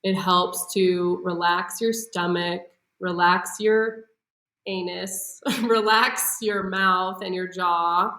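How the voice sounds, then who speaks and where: A woman leads voice exercises in a relaxed podcast conversation. Her voice is bright and forward, and she explains patiently, often breaking into laughter. The sound carries a noticeable room echo. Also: fairly low pitch, slow pace. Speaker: voice coach.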